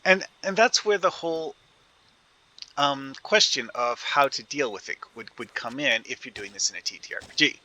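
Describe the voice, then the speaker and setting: A man's voice: mid-range voice, animated, normal speed, sharp tone. A man giving casual commentary while playing a video game, rambling and thinking aloud with many fillers and restarts. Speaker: gaming video creator.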